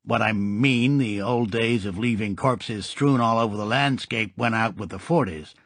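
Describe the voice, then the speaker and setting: A man voicing a grinning American gangster in an audiobook, talking in slangy, halting speech. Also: on the low side, a bit bright, no room sound. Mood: boastful. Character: American gangster with a lip-curling grin, male.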